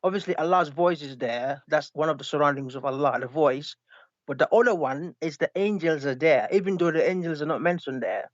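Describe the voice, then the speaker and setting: Caller, man with a raised voice, halting and cautious, muffled dry call audio. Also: fairly high pitch, no room sound. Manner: hesitant, halting, asks for calm. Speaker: caller in a debate. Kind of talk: live debate call. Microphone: online call.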